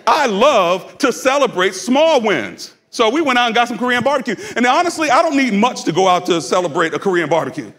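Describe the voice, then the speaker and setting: High-voiced pastor preaching casually. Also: male voice, lively intonation, a little fast, few pauses, fairly bright tone. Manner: conversational preaching with humor and call-and-response. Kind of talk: sermon. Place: church sanctuary.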